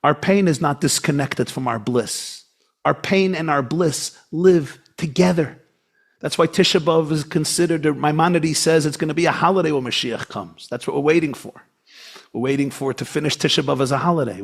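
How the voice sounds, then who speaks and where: A man giving a sermon as a rabbi, impassioned, swinging between soft low lines and high, emphatic ones. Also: normal speed, gravelly, breathy edge.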